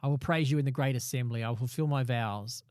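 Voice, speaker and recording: A man's voice: medium pitch, quick pace, darkish tone, no echo, studio quality. A man co-hosting a casual Bible discussion, explaining passages and reading a psalm aloud with rising emphasis. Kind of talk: casual Bible study chat.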